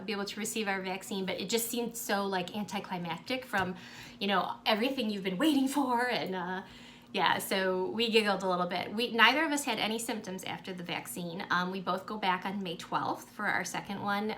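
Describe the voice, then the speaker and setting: Bright-voiced gushing woman stitching vlogger. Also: medium pitch, a little hiss or hum. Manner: gushing, sentimental, warmly grateful; chatty with frequent ums. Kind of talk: casual chat to camera.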